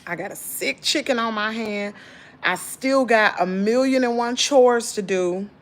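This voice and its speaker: A tired woman in her thirties with a Southern US accent, venting in casual chat to her viewers, swinging from loud exclaims to low muttering. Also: unhurried. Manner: folksy slangy talk, addresses viewers as y'all. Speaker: channel host.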